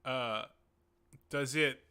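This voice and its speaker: A man playing a tabletop game, asking curious questions at an unhurried pace. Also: medium pitch, steady tone, pushed and bright, clean tone. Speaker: player.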